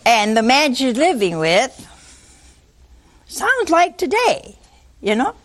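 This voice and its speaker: An older woman preacher delivers a sermon in a high voice at a slow pace. She tells the story in a lively way, acting out voices and putting questions to her listeners.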